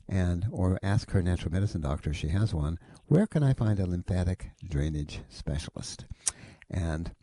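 Gravelly deep-voiced male radio host. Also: mellow. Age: over 40. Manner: rambling and folksy, hedging advice. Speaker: radio health show host. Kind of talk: call-in advice.

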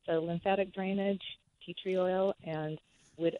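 A woman's voice: fairly low pitch, fairly even intonation, unhurried. A woman calling into a show, earnestly describing a friend's symptoms in detail with restarts. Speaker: caller. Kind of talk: phone-in question. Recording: dull phone line with faint hiss.

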